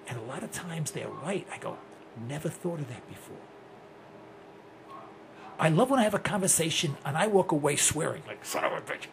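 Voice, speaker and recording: A man's voice: fairly high pitch, gravelly, noisy background. A man in his sixties hosting a rambling, blunt talk radio monologue. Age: 60s. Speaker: host.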